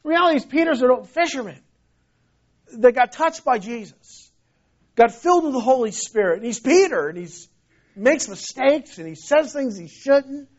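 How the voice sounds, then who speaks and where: A man's voice: extremely high pitch, lively intonation, moderate pace. A man preaching a sermon in a conversational storytelling way, often restarting his phrases. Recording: dull lo-fi recording.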